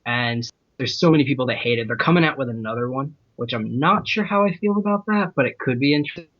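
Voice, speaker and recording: Man, podcast panelist, mid-pitched voice, easygoing, enthusiastic, slightly muffled audio. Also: fast talker. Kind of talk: casual roundtable chat.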